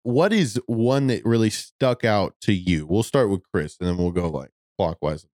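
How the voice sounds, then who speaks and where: A man hosting a casual podcast chat, relaxed and steering the discussion. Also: fairly low pitch, moderate pace, dry recording, studio quality.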